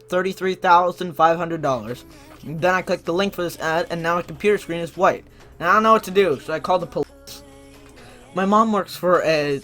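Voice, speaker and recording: A commentary YouTuber reads internet posts aloud and mocks them, sarcastic and incredulous, often laughing. His voice is fairly high and a bit bright, with faint music in the background.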